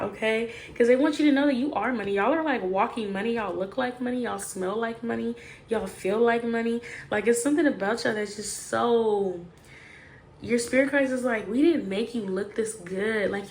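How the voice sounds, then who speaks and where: A woman's voice: on the high side, a little hiss or hum. A woman giving a casual, chatty tarot reading straight to the viewer, emphatic and full of slangy asides. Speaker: tarot reader.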